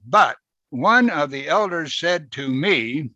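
A man's voice: a little high, animated, slow, pushed and bright, no echo, rough recording. A man preaching a sermon in a conversational way, often asking rhetorical questions.

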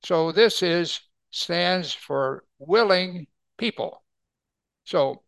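A man preaches from scripture in a somewhat high, gravelly voice. He slows down to read verses aloud and keeps asking his listeners questions. The sound is dry and close, with no room echo. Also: a bit bright. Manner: explains Bible verses with rhetorical questions. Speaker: pastor. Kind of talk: sermon.

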